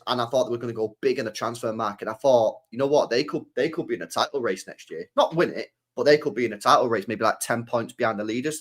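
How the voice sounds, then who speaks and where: A man hosting a live stream, ranting about football in a repetitive, slangy, sweary way. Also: mid-range voice. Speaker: streamer host.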